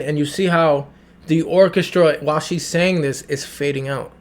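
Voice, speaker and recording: A man's voice: on the high side, moderate pace. A man reacting to and breaking down a song in a casual, enthusiastic review, often repeating himself and singing along. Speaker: music reviewer.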